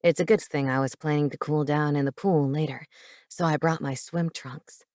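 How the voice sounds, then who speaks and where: Woman doing Cade, a low seductive college guy. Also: steady tone, normal speed, darkish tone, no echo, studio quality, close to an everyday voice.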